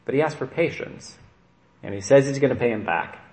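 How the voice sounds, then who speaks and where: Animated and brisk, a priest with a medium-pitched, darkish-toned voice preaches conversationally, with frequent "right?" asides, in an echoey church.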